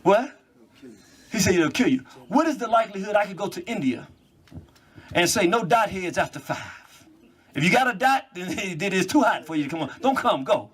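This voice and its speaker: A man giving an animated monologue, quick in bursts and laughing as he talks. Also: high-pitched, husky.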